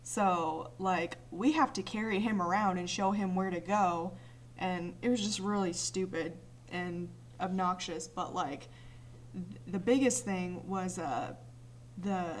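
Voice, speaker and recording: A woman's voice: fairly low pitch, a little hiss or hum. A young woman ranting casually about an online game, exasperated and swearing freely as she retells what others said. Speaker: vlogger.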